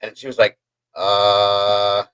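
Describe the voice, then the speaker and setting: Broadcasting from home, a man with a lowish, expressive and slightly bright voice tells a rambling, energetic story at a moderate pace, chatting with his viewers along the way. The recording is low quality, with no echo.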